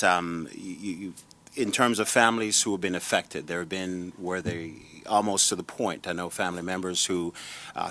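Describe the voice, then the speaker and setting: A man questioning a witness at a hearing, his voice very deep yet bright and forward. He speaks haltingly, full of fillers and restarted phrases. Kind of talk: committee questioning.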